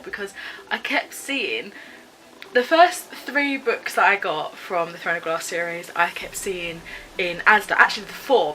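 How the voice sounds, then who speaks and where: A young British woman talks through her latest finds in a relaxed, rambling vlog, full of ums and little self-corrections. Her voice is bright and clear, sitting in the middle of the female range. A faint hiss of background noise stays under her. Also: medium pitch, rough recording. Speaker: book vlogger. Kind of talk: casual vlog chat.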